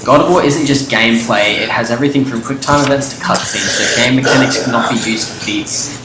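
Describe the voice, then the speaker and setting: A young man in casual debate chat, arguing his points firmly and swearing freely, often cutting in on his friend. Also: mid-range voice. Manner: argumentative, profane, interrupts often. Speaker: co-host debating game lore. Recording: roomy echo with clear background noise.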